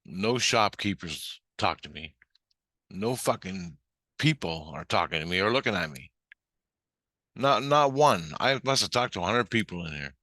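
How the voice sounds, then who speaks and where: A middle-aged vlogger with a low, sharp voice and lively intonation speaks a little slowly, agitatedly recounting a strange spiritual experience. His story is rambling and profane, full of restarts, recorded in clean studio sound without room sound.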